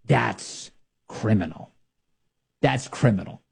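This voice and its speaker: Animated, sarcastic male talk host. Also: on the low side, slow, gravelly, slightly rough. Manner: sarcastic and animated, mocking rhetorical questions. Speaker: political commentary host. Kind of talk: opinionated talk show monologue.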